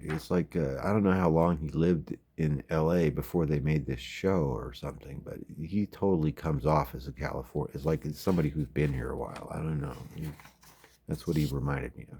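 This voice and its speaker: A man's voice: extremely low pitch, brisk, dark tone, a little hiss or hum. A man giving rambling, wry late-night commentary at home as a vlogger. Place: home at night, windows open.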